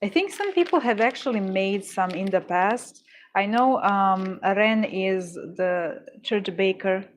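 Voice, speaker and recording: A crafting livestreamer chats casually while working on orders, taking it slowly in a mid-range voice. She startles easily, laughs often, and corrects herself as she goes.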